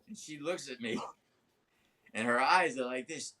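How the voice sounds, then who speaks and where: A man in his seventies, a guest telling a long, animated story in an interview, swearing freely. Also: measured pace, pauses often, slight background noise. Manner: animated, swearing, acts out quotes with big pitch jumps. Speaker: guest actor. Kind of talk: anecdotal storytelling in a podcast interview.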